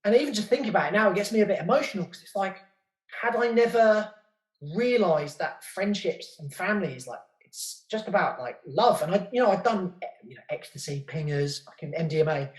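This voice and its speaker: A man's voice: sits high, lively intonation, brisk. Candid British man in a roomy room. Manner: open, rambling, swears freely, repeats words when stuck. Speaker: podcast guest and podcast host. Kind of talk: candid casual interview chat. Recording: roomy echo.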